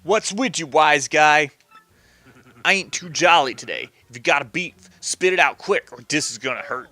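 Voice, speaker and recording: Tough-talking video game mob boss, New York Italian put-on accent, bright and pushy, voiced by a man. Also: fairly high pitch, expressive, moderate pace. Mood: menacing. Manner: tough-talking, blunt threats. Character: gruff male mob boss, bossy and menacing. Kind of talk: reading game dialogue aloud in voices.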